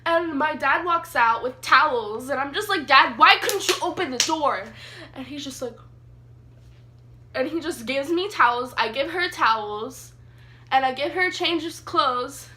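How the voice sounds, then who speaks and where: A young woman telling a story in a casual vlog, chatty and animated with lots of fillers. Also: high-pitched. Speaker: vlogger. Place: sitting on the floor indoors.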